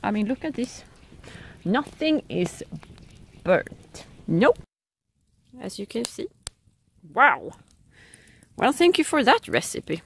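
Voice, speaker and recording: Lively Swedish woman vlogging outdoors. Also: a little high, slow, gravelly, pauses often, slightly rough. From Sweden. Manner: exclaiming and chatty, talks to viewers. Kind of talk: casual vlog commentary while cooking. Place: outdoors in winter by a campfire.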